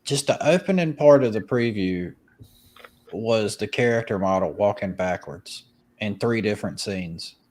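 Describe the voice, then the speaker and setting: A man's voice: on the low side, expressive, a little slow, a little mellow. A man co-hosting a podcast, chatting casually about games with crude joking banter. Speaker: podcast co-host. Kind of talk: casual chat.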